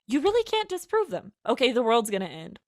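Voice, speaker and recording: A woman's voice: on the high side, huge pitch swings, brisk, darkish tone, no room sound, clean studio sound. A woman co-hosting a casual podcast chat, talking freely with fillers and frequent laughter. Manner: chatty, laughs often, many fillers. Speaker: podcast co-host.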